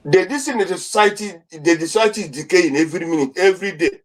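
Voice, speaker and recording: A man's voice: sits high, fast. A middle-aged man with a Nigerian accent, an interview guest giving indignant political commentary full of rhetorical questions, often repeating and restarting words.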